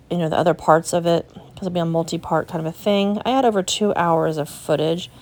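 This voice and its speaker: A young woman from the United States, who has a resale booth, vlogs casually as she wanders an antique shop, chatting and gushing to viewers. Her lowish voice comes across as a little mellow.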